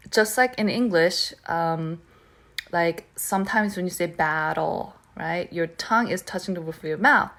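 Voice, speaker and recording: A woman with a slightly low voice gives a pronunciation lesson. She repeats each word slowly several times and checks in with "okay?" as she explains where the tongue goes. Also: a bit bright. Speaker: Korean language teacher.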